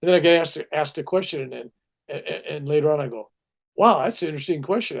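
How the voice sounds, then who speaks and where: Older male storyteller, gravelly low-key voice, lively acted-out quotes, conversational. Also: fast talker. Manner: animated anecdotes with acted-out quotes. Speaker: spiritual teacher.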